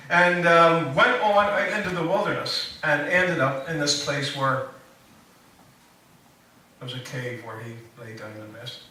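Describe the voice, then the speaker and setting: A preacher man with a bright, ringing voice gives a loose, joke-filled sermon full of ums and asides. He sounds a little off the mic, and his voice bounces around a very echoey church hall. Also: high voice, a little hiss or hum. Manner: rambling, joking asides, many fillers. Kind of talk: casual sermon. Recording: echoey room, voice from a distance.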